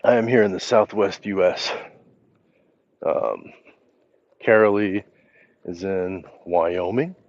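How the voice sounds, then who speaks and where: A man hosts a relaxed livestream from a phone he holds in his hand, reading viewer comments aloud. He talks at a slow, unhurried pace in a slightly low voice, with easy pauses and fillers. The sound is a little dull and lo-fi. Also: no echo. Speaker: livestream host. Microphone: handheld phone.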